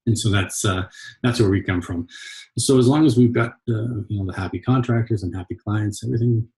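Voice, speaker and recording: A man from Canada talks as an interview guest about running his agency. He speaks in a relaxed, halting way, often pausing and restarting, with a voice on the low side. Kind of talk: casual interview chat.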